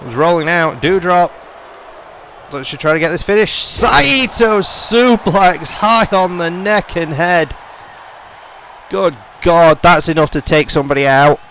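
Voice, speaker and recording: Excitable man doing game play-by-play. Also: fairly high pitch, measured pace, slight background noise. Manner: running commentary, rising to excited shouts on big moves. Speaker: gaming YouTuber.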